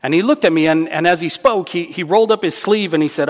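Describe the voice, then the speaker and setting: A male pastor delivers a sermon in an earnest, emphatic way, circling back to key phrases for weight. His voice sits a little high for a man. The sound carries a long reverb from a large church hall. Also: fast, hardly any pauses.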